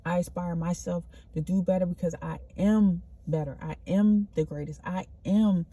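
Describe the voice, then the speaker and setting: Husky, very dark-voiced woman vlogger. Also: fairly low pitch, fairly even intonation, moderate pace, no room sound. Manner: earnest, repetitive, addresses listener as honey; spontaneous, loose restarts. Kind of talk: spiritual motivational monologue.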